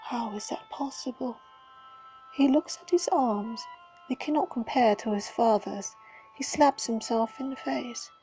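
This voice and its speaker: A woman reading a fantasy story aloud in a breathy, dramatic whisper. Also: on the high side, a little slow, mellow, faint music behind, poor audio. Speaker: reader.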